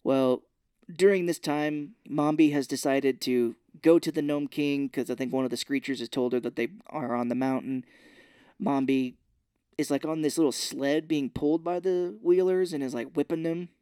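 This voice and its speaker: A man's voice: fairly high pitch, moderate pace, clean tone, no room sound. Man recapping a movie, dry close sound. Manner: animated retelling with mock character voices and laughter. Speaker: podcast co-host. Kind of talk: casual movie recap chat.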